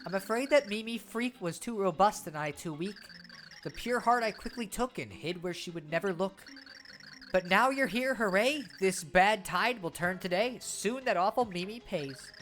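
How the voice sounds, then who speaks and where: A woman's voice: lowish voice, animated, normal speed, fairly bright tone, soft background music. A woman voicing a prissy, catty fairy woman who speaks in rhymes. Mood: rhyming. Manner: rhyming, taunting delivery.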